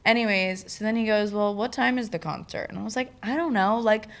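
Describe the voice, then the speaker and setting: A young woman co-hosting a casual podcast, recounting a trip with plenty of energy. She slips into quick impressions of the people she met as she tells it. Her voice sits at an ordinary middle pitch. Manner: animated storytelling, acts out quoted people. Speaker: podcast co-host. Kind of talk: casual chat.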